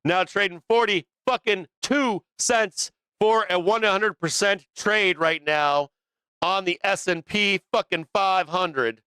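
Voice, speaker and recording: A man's voice: high-pitched, slow, sharp tone, smooth, no room sound. Brash, swearing man calling live trades. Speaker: stock market livestream host. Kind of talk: profane live trading commentary.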